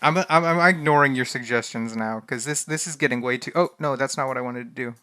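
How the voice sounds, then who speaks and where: A man's voice: medium pitch, fast, bright, forceful tone, dry recording. A young man streaming a text adventure game, reading the game text aloud in a casual, flustered way and often laughing. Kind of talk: casual live-stream commentary.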